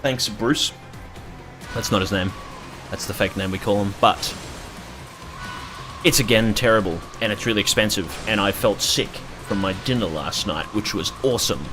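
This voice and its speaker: Rambling young Australian man streaming. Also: fairly low pitch. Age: 20s. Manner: rambling, profane, jokey. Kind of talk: casual chat while streaming a game.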